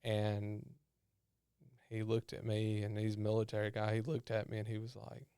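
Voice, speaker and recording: A man's voice: fairly low pitch, monotone, mellow, clear, resonant tone, no room sound, studio quality. A man tells a personal story as a podcast guest, often stumbling and repeating words as he goes. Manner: halting, repeats words when emotional.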